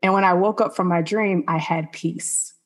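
A woman's voice: on the low side, fairly even intonation, moderate pace. A woman telling a personal faith testimony as a podcast guest, earnest and conversational, with many "like" fillers.

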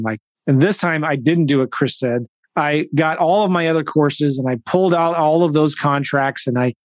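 Man, slightly raised pitch, casual animated storyteller, dry close sound. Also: dry recording. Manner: animated, nervous-sounding retelling with restarts and quoted dialogue. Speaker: real estate investor.

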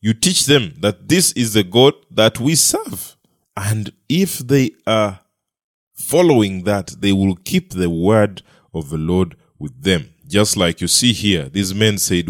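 A man's voice: fairly low pitch, expressive, slow pace, no echo, clean studio sound. A man preaching a sermon with an emphatic delivery, repeating phrases and letting his voice rise and fall.

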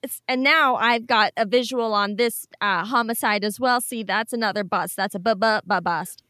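A woman improvising a timid agent in a comedy sketch, soft-spoken and halting. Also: a little high, no echo, clean studio sound. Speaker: improv performer playing a timid federal agent.

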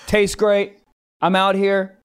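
A man co-hosting a podcast, chatting and joking excitably, sometimes shouting. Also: slow, clear, resonant tone. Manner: excitable, jumps between shouts and low mock voices. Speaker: podcast co-host. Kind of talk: casual comedic chat. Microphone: studio mic.

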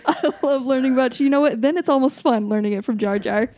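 Young woman host, playful, swears a lot, dry close sound, fairly high voice. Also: quick pace, a little mellow, dry recording. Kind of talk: casual game show chat.

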